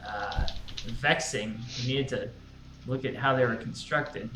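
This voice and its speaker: A man's voice: mid-range voice, a little slow, sharp tone, roomy sound, faint music behind. A man playing in an online tabletop game, describing his character's moves in a hesitant, filler-heavy way. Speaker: player.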